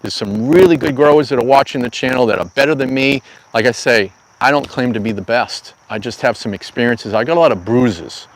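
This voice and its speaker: A middle-aged cannabis grow channel host streams live from an outdoor garden studio, telling stories in a chatty, folksy way full of slangy asides. His medium-pitched voice is fairly quick with few pauses, and the audio is poor.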